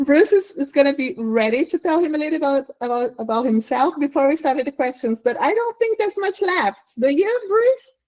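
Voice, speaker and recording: High-voiced woman moderating a chat. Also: expressive, normal speed, a little mellow, slight background noise. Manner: upbeat, guiding the talk. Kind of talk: casual chat.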